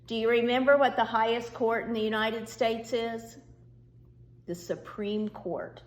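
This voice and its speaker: A woman teacher talks slowly and patiently, explaining things step by step for young children. Her voice is mid-pitched. It rings in an echoey room. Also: fairly even intonation. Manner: slow, patient, reassuring explanations. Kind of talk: virtual class lesson to young students.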